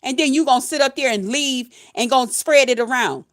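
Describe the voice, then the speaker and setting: High-voiced woman in a cussing rant. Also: brisk. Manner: heated, cussing, insulting, emphatic. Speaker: nurse and vlogger. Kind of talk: angry profane rant to camera.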